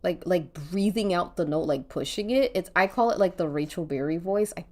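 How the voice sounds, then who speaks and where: A woman's voice: on the low side, normal speed. A woman streaming while she draws, chatting casually, rambling and thinking aloud, with casual swearing. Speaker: art streamer.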